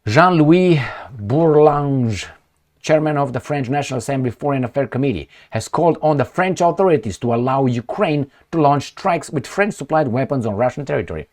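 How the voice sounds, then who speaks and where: A man giving a casual commentary monologue, animated, throwing out rhetorical questions and sarcastic asides. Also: medium pitch, moderate pace. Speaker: political commentator.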